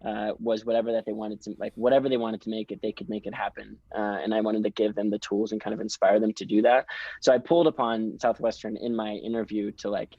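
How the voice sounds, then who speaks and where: A young man with a fairly low voice tells stories eagerly and casually, as a podcast guest. The sound is dry and close, with a dull, slightly lo-fi tone. His delivery is chatty and enthusiastic. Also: level tone, fast talker, no echo. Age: young adult. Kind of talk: casual storytelling interview.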